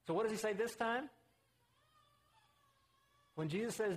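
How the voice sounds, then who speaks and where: A man gives a sermon in a relaxed, chatty way. His voice sits a little high and sounds husky. He leans into the quotes he reads aloud, lifting his pitch for the speakers. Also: a little slow. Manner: conversational, acts out quotes with rising pitch. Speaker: preacher.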